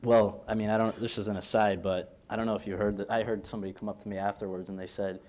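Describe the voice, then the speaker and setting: Low-voiced male interviewer, amused. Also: level tone, quick pace, darkish tone. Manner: amused, chuckling along. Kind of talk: interview questions. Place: university event on stage.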